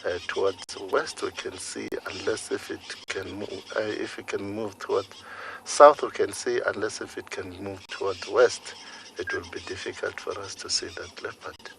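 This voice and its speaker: A man working as a field guide, explaining a sighting in a measured, hesitant way during a live safari broadcast outdoors. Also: on the low side, flat delivery, creaky, noisy background. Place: outdoors on a game drive.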